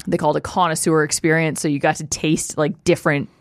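A woman's voice: deep voice, flat delivery, quick pace, dry recording, clean studio sound. A woman from Canada chatting enthusiastically in casual conversation, with frequent restarts. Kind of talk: casual chat.

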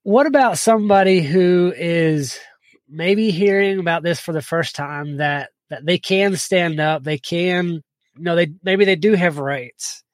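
A man's voice: sits high, unhurried, no room sound. A man hosting a podcast interview who gives short, encouraging reactions and then asks the guest a question. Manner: brief encouraging reactions, laughs often. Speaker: podcast host. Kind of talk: casual interview.

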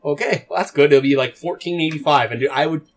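A man's voice: fairly high pitch, quick pace, noisy background. A young man co-hosting a podcast, telling crude stories in casual chat and mimicking the people in them. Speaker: podcast co-host.

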